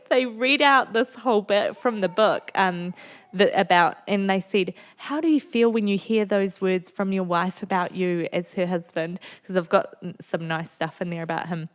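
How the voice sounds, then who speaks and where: A woman's voice: medium pitch, normal speed. A woman in her thirties with a New Zealand accent, a guest author telling candid, funny stories on a festival stage. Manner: candid, funny storytelling with frequent laughter. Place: festival venue before an audience.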